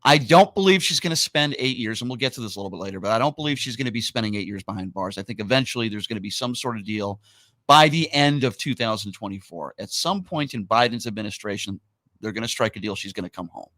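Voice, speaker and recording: A man's voice: fairly low pitch, animated, fast, pushed and bright, dry recording. A man hosting a talk radio show, speaking emphatically and opinionatedly in casual banter, repeating his points.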